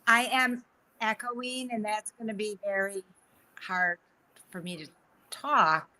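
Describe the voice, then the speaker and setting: Guest: woman on a remote call, bright voice, casual, flustered. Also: medium pitch, fairly even intonation, slow, rough recording. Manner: flustered, laughs at tech trouble. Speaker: spiritual guest co-host. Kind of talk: casual live radio chat.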